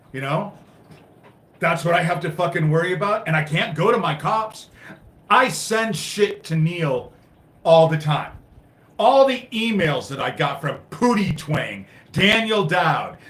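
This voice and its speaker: A frustrated man rants on his own live stream, swearing freely and swinging between loud bursts and low muttering. His voice sits a little high for a man. The sound is echoey and roomy. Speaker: livestream host.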